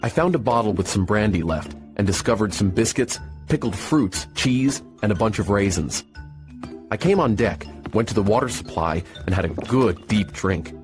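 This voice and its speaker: A man narrating an adventure story in a measured, steady storytelling manner. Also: lowish voice. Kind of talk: scripted audiobook narration. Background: soft music.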